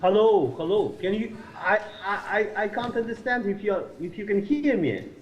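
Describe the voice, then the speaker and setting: A man's voice: high voice, lively intonation, moderate pace, lo-fi sound. A man calling in over a video call, hesitant and laughing, with many restarts. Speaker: remote caller. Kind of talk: casual chat over a call.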